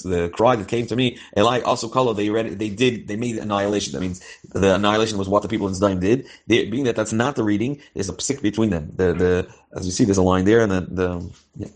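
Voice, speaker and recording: A man with a somewhat low voice teaches briskly, moving quickly from phrase to phrase. He reads each line with a pronunciation, then translates and explains it, often restarting his sentences as he goes. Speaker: Torah teacher. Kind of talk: line-by-line text study, mixing Hebrew and English.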